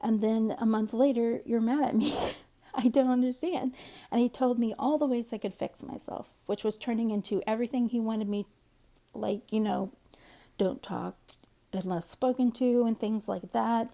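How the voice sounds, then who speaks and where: Mellow-voiced woman telling a story. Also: on the high side, fairly even intonation, normal speed, vocal fry. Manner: candid, rambling, conversational. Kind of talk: casual storytime monologue.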